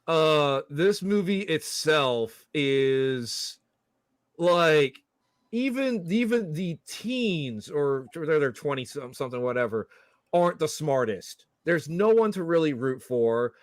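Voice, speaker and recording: A man's voice: fairly high pitch, lively intonation, takes it slowly, dry recording. A man co-hosting a casual horror film chat, recounting scenes wryly. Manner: wry, recounting scenes with mocking quotes. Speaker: podcast co-host.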